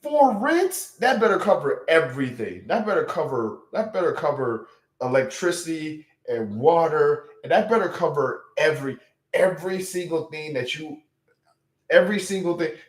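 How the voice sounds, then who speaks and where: A man's voice: a little high, expressive, moderate pace, reverberant. A young man hosting a livestream, chatting casually, incredulous and exclamatory, often repeating himself. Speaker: livestream host.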